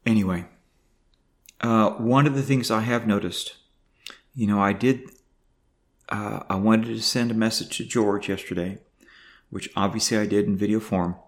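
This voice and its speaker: An older man with a lowish voice speaks haltingly into the camera, stopping, restarting and filling gaps with ums. He sounds emotional throughout, like a personal video diary. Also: fairly even intonation. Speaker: vlogger.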